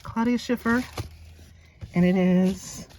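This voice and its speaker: A middle-aged woman chatting casually to her viewers as she unboxes a package, gushing and excitable. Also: mid-range voice, takes it slowly, slight background noise. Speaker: vlogger. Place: at a private mailbox.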